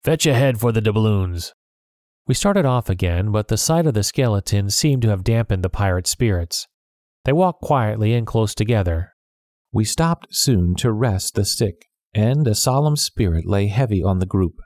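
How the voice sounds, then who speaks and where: A man's voice: lowish voice, lively intonation, moderate pace, darkish tone, no echo. Dry-voiced male storybook narrator.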